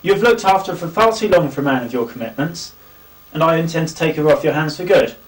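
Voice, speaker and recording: A man's voice: on the high side, expressive, fast talker, natural voice. A man playing a confident, dismissive suitor. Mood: assured. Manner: assured, dismissive. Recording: distant, hissy VHS audio.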